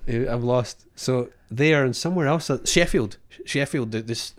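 A Scottish man co-hosts a podcast in casual chat, rambling, self-deprecating, swearing and laughing often. His voice is medium-pitched at normal speed.

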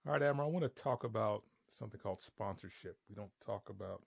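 A man interviewing a guest, giving short, supportive reactions and then asking measured questions. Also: fairly low pitch, creaky, slightly rough, no room sound.

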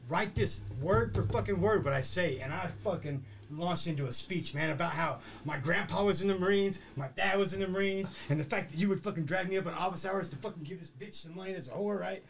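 A man's voice: high voice, brisk, creaky, few pauses. A middle-aged man telling a rambling, profane story in casual chat. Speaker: podcast host.

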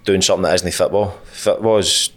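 Scottish footballer, really deep voice, um-ing thoughtfully, chatter behind. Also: male voice, steady tone, fairly quick. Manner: thoughtful, hesitant. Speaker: guest footballer. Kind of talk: casual chat.

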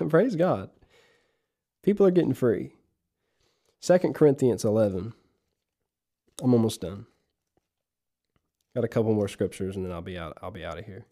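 A man preaching on his podcast, exhorting listeners and having them repeat phrases aloud while guiding slow breaths. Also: mid-range voice, dark tone. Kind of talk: podcast sermon with guided breathing.

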